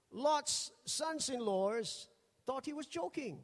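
A high-pitched man preaching from the pulpit, telling funny stories with lively energy. His voice rings out with a long hall reverb around it. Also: normal speed. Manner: jokey, animated, acts out quoted voices. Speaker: pastor. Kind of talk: humorous storytelling sermon.

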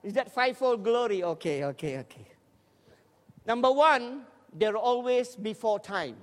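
A man preaching a lively, humorous sermon in a large church hall, joking with the congregation and urging them to respond. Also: sits high, measured pace. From Scotland. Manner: energetic, jokey, urges the crowd to respond. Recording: long hall reverb in a church.

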